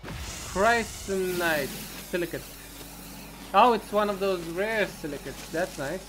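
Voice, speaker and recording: Slow-talking, foul-mouthed gamer man. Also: high-pitched, lively intonation, background noise. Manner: profane, muttering, talks to himself. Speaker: let's play commentator. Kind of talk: casual gameplay commentary.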